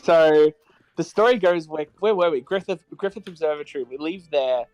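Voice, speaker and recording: A man's voice: on the high side, moderate pace, a little mellow, no room sound, soft background music, low-quality recording. A young man casually telling a rambling, laugh-filled story as a podcast co-host. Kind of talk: casual chat.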